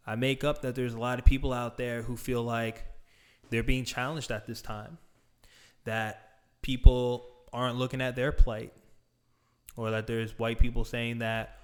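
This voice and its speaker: A man giving an earnest monologue straight to his viewers, deliberate and emphatic, drawing out the words he stresses. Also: medium pitch, little pitch movement, clear, resonant tone. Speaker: speaker addressing viewers. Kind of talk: earnest direct-address monologue.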